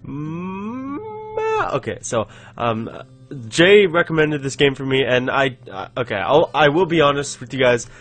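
A man's voice: mid-range voice, expressive, moderate pace, fairly bright tone, soft background music. Giggly young man narrating a game. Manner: rambling, giggly, reads game text aloud. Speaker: gaming channel host. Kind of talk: casual let's-play commentary.

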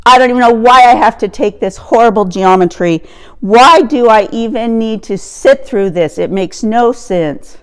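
A woman pastor plays a distressed teenage girl who pleads in a high, loud voice. She sounds worked up and upset. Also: very animated, a little slow, gravelly, hardly any pauses, full character voice.

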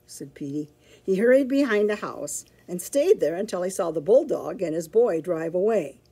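A woman librarian reading a picture book aloud to children, with expressive, animated storytelling. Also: fairly low pitch, moderate pace, vocal fry, husky.

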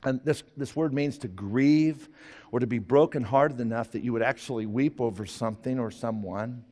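A man preaching a sermon, animated, sometimes putting on high whiny voices for characters. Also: moderate pace, in a large hall. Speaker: pastor.

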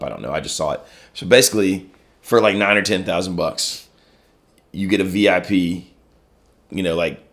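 Deep voiced guy co-hosting a guitar shop chat, casual, lots of fillers. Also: a bit bright. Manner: chatty, explains with many fillers.

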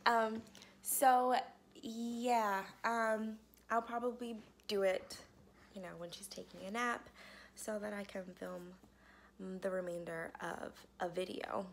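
A young woman and mother chatting casually in a home vlog, soft and slow with many fillers. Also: medium pitch, steady tone, slight background noise. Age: young adult. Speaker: vlogger and mother. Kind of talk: casual vlog narration and baby talk. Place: home indoors.

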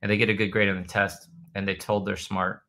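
A man from the United States hosting a casual livestream, reading viewer comments in a loose, rambling way with loud bursts when he demonstrates. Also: fairly low pitch, level tone, a little fast, rough recording. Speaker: host answering viewer comments.

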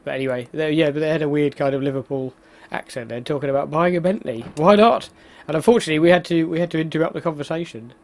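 A man's voice: a little high, fast. A man giving casual, self-mocking commentary while playing a video game. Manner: chatty, exclaims at the game, laughs at himself. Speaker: let's play host.

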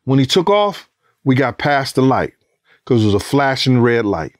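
A middle-aged man and former bodyguard telling a story in a casual interview, animated and profane, acting out the voices of others and the sounds of gunshots. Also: medium pitch, normal speed, no echo, clean studio sound.

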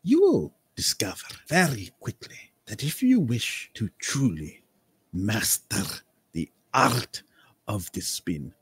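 A man voicing an eccentric, flamboyant male spin master who speaks softly and theatrically, with long lofty pauses. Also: lowish voice, huge pitch swings, breathy edge, dry recording, heavily acted. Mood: grandiose. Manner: theatrical, soft-spoken, drawn-out pauses, lofty.

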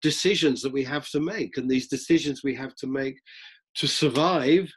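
A middle-aged man, a drama teacher, lecturing students in a lively way and acting out examples as he goes. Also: medium pitch, normal speed, husky. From London, England. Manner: lively, acts out examples, frequent restarts. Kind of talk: lecture-style talk to students.

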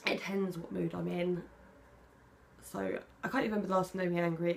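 Young british woman vlogging, bit of vocal fry, faint hiss behind her. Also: lowish voice. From Britain. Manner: chatty, candid, soft-spoken when emotional. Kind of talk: casual tag video, reading questions aloud.

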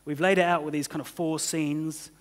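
A man's voice: on the high side, flat delivery, normal speed. Conversational man preaching in a reverberant church. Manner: conversational, many "you know" and "kind of" fillers. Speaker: pastor. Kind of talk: sermon. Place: church hall.

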